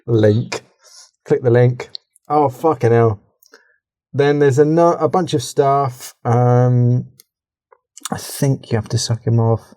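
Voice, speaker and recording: A man's voice: mid-range voice, takes it slowly, pauses often, warm tone, no room sound, studio quality. A man co-hosting a podcast who reads an interactive story aloud, swearing, laughing and breaking off to comment. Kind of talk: casual podcast chat and story reading.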